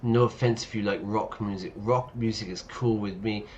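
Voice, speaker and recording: A man's voice: lowish voice, steady tone, moderate pace, darkish tone. A man streaming a game and teaching English, playfully explaining words with many yeah? asides. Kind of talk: casual commentary while playing. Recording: dull lo-fi mic with faint noise.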